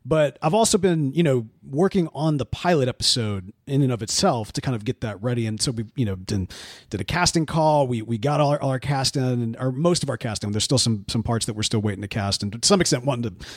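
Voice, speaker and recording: A man co-hosting a podcast in casual, animated chat with many restarts. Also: medium pitch, quick pace, no room sound, studio quality. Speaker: podcast co-host.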